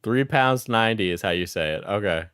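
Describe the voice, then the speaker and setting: A man's voice: fairly low pitch, lively intonation, fairly quick, fairly bright tone, clear, resonant tone, no room sound, clean studio sound. A man streaming and reacting casually, laughing often and restarting his sentences.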